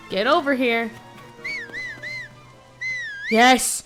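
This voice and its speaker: A young woman streaming a video game, swinging between loud excitement and low muttering as she talks. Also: slow pace, pauses often, music in the background. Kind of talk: casual gameplay commentary.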